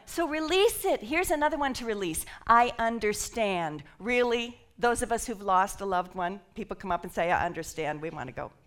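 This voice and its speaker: Speaking briskly with hardly any pauses, a woman minister whose voice is a little high preaches an animated sermon. Whispers give way to shouts as she draws the congregation into call and response.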